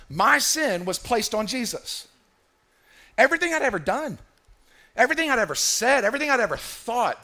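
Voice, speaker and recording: A man's voice: high voice, gravelly, sharp tone. A man preaching a sermon as pastor in a church, emphatic and repetitive, calling on the congregation to answer him.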